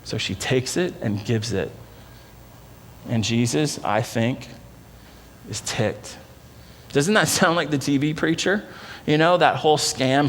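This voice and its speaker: Earnest pastor preaching in a reverberant hall. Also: male voice, slow, pauses often. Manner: earnest, conversational preaching that drops low and soft for emphasis. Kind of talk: sermon. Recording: long church-hall reverb.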